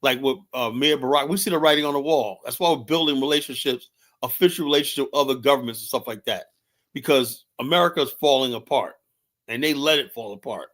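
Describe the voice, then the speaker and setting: A man's voice: medium pitch, brisk, fairly bright tone. Male livestream host, casual rant, heated and profane delivery, rambles and restarts. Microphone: streaming setup mic.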